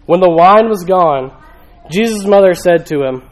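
A man's voice: high-pitched, animated, moderate pace, rough recording. A male pastor preaching a sermon in a church, talking conversationally with rhetorical questions and emphatic repetition.

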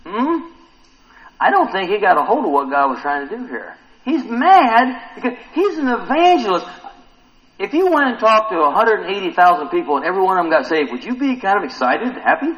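In a low-quality recording, a high-ish male voice preaches at a normal speed. He's animated, asking the congregation questions and acting out the quotes he reads aloud.

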